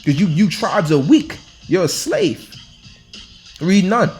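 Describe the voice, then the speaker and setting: A man with a notably high voice preaches in a loose, colloquial way. He hammers each point with rhetorical questions and frequent restarts. Faint music plays behind him. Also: big pitch swings, takes it slowly, creaky, darkish tone. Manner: hectoring, repeats himself with rhetorical questions. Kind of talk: informal scripture-reading sermon.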